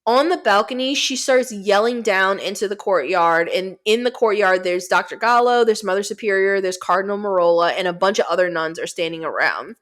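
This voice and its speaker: A woman co-hosting a podcast, recapping a movie in casual chat, cursing freely and jumping into quick asides. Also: medium pitch. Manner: profane, animated retelling with quick asides. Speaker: podcast co-host.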